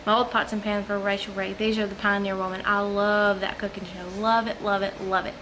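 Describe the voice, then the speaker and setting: A breathless woman talks casually to her camera at home, wandering from point to point and filling pauses with ums and likes. Her voice sits at an ordinary middle pitch, and a steady hum of room noise comes through behind her. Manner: chatty, rambling, many ums and likes. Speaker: home vlogger. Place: at home, living room or kitchen.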